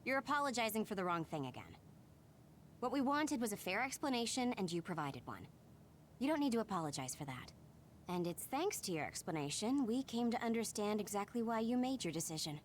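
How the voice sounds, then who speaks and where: An actress voicing a calm, reasonable young woman in a video game, speaking in a measured, reassuring way. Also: medium pitch, a little hiss or hum, lightly acted. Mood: reasoning.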